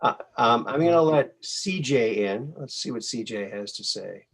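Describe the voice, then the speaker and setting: A man's voice: mid-range voice, lively intonation, moderate pace, a bit bright. A middle-aged man hosting a call-in show, chatting casually and telling dad jokes. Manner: folksy, tells dad jokes.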